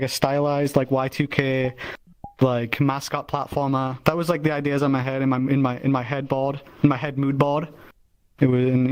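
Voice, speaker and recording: A man's voice: mid-range voice, clean tone. A man casually showing off an avatar he made, stammering, restarting and swearing offhandedly. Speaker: avatar creator presenting his work. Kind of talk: casual showcase chat.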